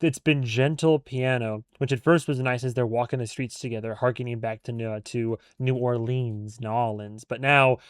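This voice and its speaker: A man's voice: medium pitch, steady tone, moderate pace, few pauses, clear, resonant tone, no room sound, clean studio sound. A man hosting a reaction video, chatting casually about a TV episode, rambling, correcting himself and laughing often. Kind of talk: casual commentary over a TV episode.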